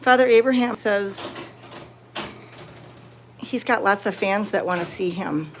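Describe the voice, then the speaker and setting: A woman live-streaming from a cat sanctuary, chatting casually with viewers and cooing softly at the cats. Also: mid-range voice, unhurried, a little hiss or hum. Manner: soft-spoken, cooing baby talk to cats. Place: indoor cat room at a sanctuary.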